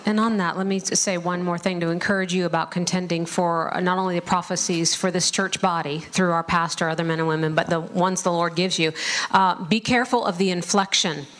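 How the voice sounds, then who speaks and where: A woman's voice: on the low side, steady tone, a little fast, fairly bright tone. A woman speaking in a sermon as a church leader, giving firm, emphatic instructions.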